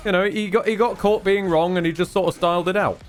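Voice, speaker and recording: A man's voice: high voice, steady tone, fast, faint music behind. A British man streaming a fighting game, chatting in a rambling, self-deprecating and sweary way. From Britain. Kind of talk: casual gaming commentary.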